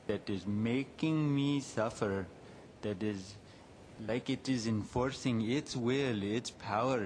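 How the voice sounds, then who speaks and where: A man hosting a podcast, talking calmly and unhurriedly in a reflective monologue, lingering on words. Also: medium pitch, a little hiss or hum. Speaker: podcast host.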